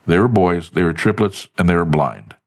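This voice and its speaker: A man with a very deep, low-set voice tells stories as a guest on a podcast. He is casual and animated, and he slips into other people's voices when he quotes them. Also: normal speed. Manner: animated storyteller who acts out quoted voices. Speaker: podcast guest, business advocate. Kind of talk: casual storytelling in an interview.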